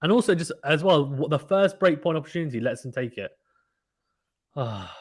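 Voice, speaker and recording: Man, live tennis play-by-play, animated, slightly high voice, home stream. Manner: fast, animated play-by-play, reads chat aloud. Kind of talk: excited casual live commentary.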